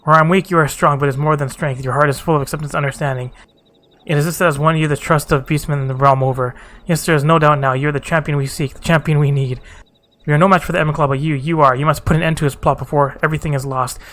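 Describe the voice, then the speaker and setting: A wounded young woman from a fantasy game, secretive yet earnest as she pleads for trust, read by a man. The voice is bright and slightly high. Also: steady tone, quick pace, lightly acted. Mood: pleading.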